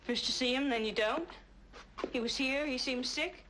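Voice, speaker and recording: A woman's voice: sits high, moderate pace, a little hiss or hum. An actress playing a sensitive young woman who questions her mysterious lover earnestly in a 1970s TV drama. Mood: tense. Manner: earnest, probing, turns soft and breathy when tender.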